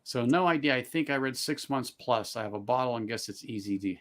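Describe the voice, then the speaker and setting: A man's voice: medium pitch, fairly quick, a bit bright. Easygoing man joking on a stream. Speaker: stream guest. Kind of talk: casual live-stream chat.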